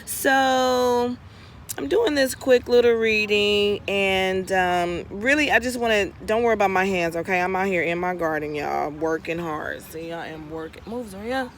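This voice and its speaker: A woman's voice: mid-range voice, fairly even intonation, unhurried, slight background noise. A woman tarot reader telling a casual story outdoors in her garden, chatty with frequent asides. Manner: chatty, drawling, many asides and "right?".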